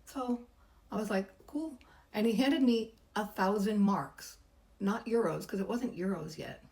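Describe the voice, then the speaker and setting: A woman's voice: medium pitch, unhurried, a little mellow, rough recording. A middle-aged woman, a massage therapist, chattily telling a personal story and acting out the voices she quotes. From United States.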